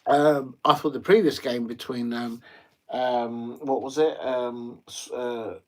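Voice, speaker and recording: A man's voice: mid-range voice, steady tone, takes it slowly. Chatty man hosting a watch-along. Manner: chatty, rambling, many ums and uhs. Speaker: live stream host. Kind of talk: casual live football watch-along commentary.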